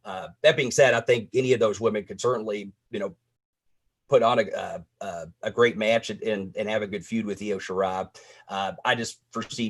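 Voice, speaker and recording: A man's voice: on the low side, breathy edge. A man co-hosting a wrestling review podcast, talking earnestly and at length with frequent restarts. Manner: earnest, lecturing, lots of restarts. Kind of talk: casual podcast chat.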